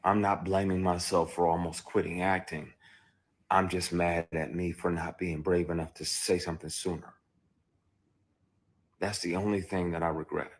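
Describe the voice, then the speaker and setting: Man, very low voice, husky, candid livestream monologue, emphatic, heated, phone mic. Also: little pitch movement, normal speed. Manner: emphatic, heated storytelling with sudden loud outbursts. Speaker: actor. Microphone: phone on a live stream.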